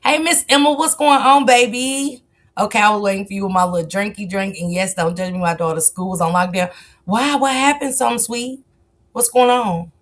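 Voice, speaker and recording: Woman doing a casual livestream, AAVE, keeps shouting out viewers by name, stretches her hellos. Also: medium pitch. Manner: greets chat viewers by name, drawn-out excited calls. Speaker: livestream host.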